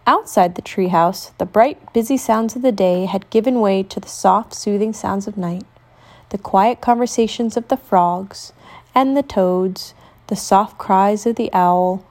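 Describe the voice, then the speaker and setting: A woman reads a children's picture book aloud in a gentle, expressive way. She lets her voice soften and linger on the quiet parts, taking her time as she tells the story to young listeners. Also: medium pitch, unhurried. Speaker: storybook reader.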